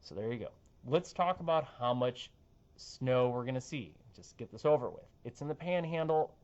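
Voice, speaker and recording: A man's voice: mid-range voice, expressive, moderate pace, darkish tone, lo-fi sound. A young man, a TV meteorologist talking through a casual forecast with playful, jokey asides. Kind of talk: casual weather forecast chat.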